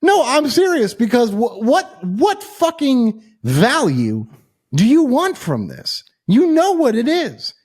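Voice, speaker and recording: A man's voice: very high-pitched, huge pitch swings, slow, a little mellow, slightly rough. A man co-hosting a horror podcast, chatting casually in a theatrical way and swearing often. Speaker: podcast co-host. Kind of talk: casual chat.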